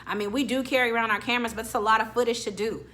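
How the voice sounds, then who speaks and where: A young woman talking straight to her followers in a casual motivational vlog. Her voice is bright and forward, and her storytelling is chatty and animated, full of casual slang. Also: a little high, very fast. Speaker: vlogger.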